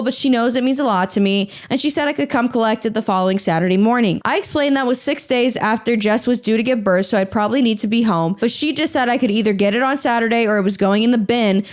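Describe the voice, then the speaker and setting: A woman hosting a podcast, reading online stories aloud and reacting with sarcastic, animated commentary, swearing freely and slipping into mock voices. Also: on the high side. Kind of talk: casual comedic commentary.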